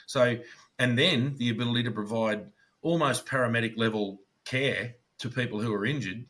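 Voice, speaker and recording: A man's voice: mid-range voice, normal speed, a bit bright. An Australian man, a former police officer co-hosting a podcast, telling blunt war stories in a casual chat, swearing freely and acting out what colleagues said.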